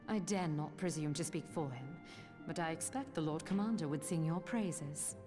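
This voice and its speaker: A stern female knight commander, played by a woman in a fantasy game, speaking in composed, archaic phrasing with a slightly low voice. Faint music runs beneath. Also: moderate pace, lightly acted. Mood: resolute.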